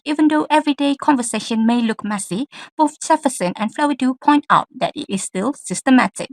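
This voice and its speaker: A woman's voice: high voice, brisk, vocal fry, dry recording. A young woman from Malaysia, a university student, giving a class presentation and reading from slides. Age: young adult. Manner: reads from slides with acted example lines.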